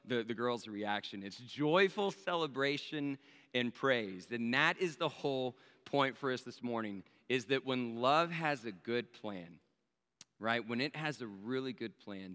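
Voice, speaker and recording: Bright, clear-voiced male pastor preaching. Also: medium pitch, animated, measured pace. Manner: chatty, checks in with the audience using tag questions. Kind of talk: conversational sermon. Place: church sanctuary. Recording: long reverb of a large hall.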